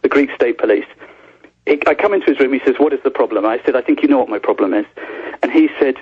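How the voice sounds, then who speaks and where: A man, a journalist guest, recounting events in rapid, breathless storytelling with restarts. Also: mid-range voice, breathy edge, no room sound. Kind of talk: phone-in interview storytelling. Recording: tinny phone line.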